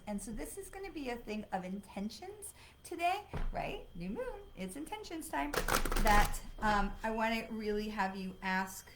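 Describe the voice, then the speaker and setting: A woman hosting a live card-reading stream, chatty and excitable, with lots of fillers, talking from home. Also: a little high, a little hiss or hum, rough recording. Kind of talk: casual livestream talk. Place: home, dog nearby.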